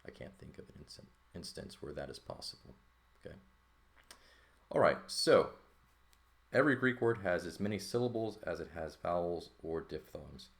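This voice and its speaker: Very deep gravelly male teacher. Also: animated, normal speed. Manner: casual, thinking aloud with frequent "okay?" and "right?" checks. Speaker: Greek teacher. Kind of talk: informal recorded lesson, writing on paper.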